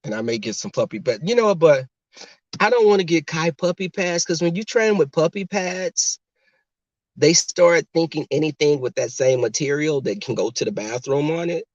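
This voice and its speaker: A man's voice: a little high, expressive, moderate pace, dry recording, muffled recording. A man casually chatting and telling stories to his livestream viewers from a car. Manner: chatty, talks straight to the chat.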